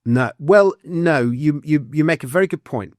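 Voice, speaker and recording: A man's voice: on the high side, normal speed, dry recording. Male guest, chatty and rambling, dry studio sound. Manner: animated, rambling, self-correcting. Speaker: guest, author and financial commentator. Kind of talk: conversational interview.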